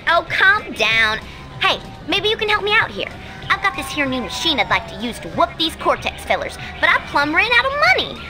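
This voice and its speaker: A woman's voice: extremely high pitch, very animated, brisk, music in the background. An actress playing a folksy, rowdy female possum racer with a drawl, in a video game cutscene. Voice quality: twangy hick drawl.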